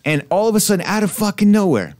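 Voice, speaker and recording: Brief: forties male radio host, lively swings in pitch, fired-up profane anecdotes. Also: quick pace, dry recording, clean studio sound. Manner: heated, swearing storyteller. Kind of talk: casual profane chat.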